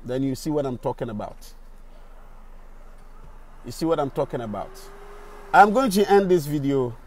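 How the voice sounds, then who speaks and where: A man's voice: mid-range voice, expressive, moderate pace, darkish tone. A Ghanaian man, a radio presenter, giving indignant on-the-spot video commentary on a city street, repeating rhetorical questions.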